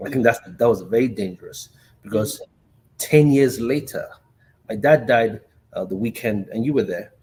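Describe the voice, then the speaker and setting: A man hosting a podcast, telling a personal story in a hesitant, halting way. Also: lowish voice, darkish tone, breathy edge. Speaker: podcast host. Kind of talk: conversational podcast talk.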